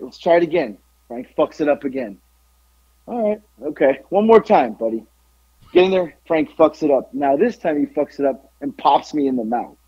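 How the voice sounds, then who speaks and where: A man telling wrestling stories in a casual podcast chat, profane, jumping into loud voices when quoting people. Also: a little high, breathy edge, no room sound, dull audio. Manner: animated, profane, acts out quotes in raised voice. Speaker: podcast guest, former pro wrestler. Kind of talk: casual storytelling.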